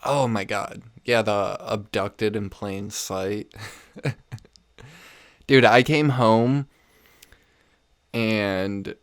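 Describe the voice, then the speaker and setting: Extremely slow with long pauses, a young man's fairly low voice carries his casual comedy podcast, recorded in a home room. He rants profanely, wanders off topic, and often cracks up at his own stories. The audio is dry and studio quality.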